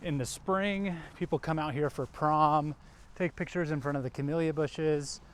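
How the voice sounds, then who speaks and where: A man's voice: on the high side, fairly even intonation, moderate pace, clear, resonant tone. A man from around Rock Hill, South Carolina, hosting a casual walking tour vlog outdoors, chatting easily with lots of fillers. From Rock Hill area, South Carolina. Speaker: vlog host, local realtor-style guide. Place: outdoors in a park and shopping plaza.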